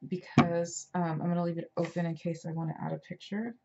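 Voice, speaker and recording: A chatty woman talks her way through a crafting project, poking fun at her own impatience. Her voice sits a bit low with a gravelly fry. The home recording sounds dull and lo-fi, with clear hiss and the clicks of her work underneath. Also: level tone, a little fast. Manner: chatty, self-deprecating, talking while working. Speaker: craft video host. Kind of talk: casual crafting tutorial.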